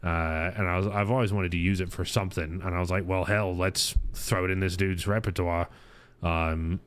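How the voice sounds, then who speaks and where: A man's voice: low voice, steady tone, normal speed, slight background noise. A middle-aged man hosting a casual podcast, telling rambling stories full of restarts and chuckles. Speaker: podcast host. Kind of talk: casual chat.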